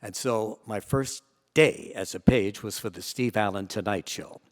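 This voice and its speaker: Older man telling a lively tale, hall reverb. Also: unhurried. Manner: animated, acts out quoted voices with big jumps in pitch and loudness. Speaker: guest storyteller. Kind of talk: anecdotal storytelling to a live audience. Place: large auditorium. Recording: long reverb of a large hall.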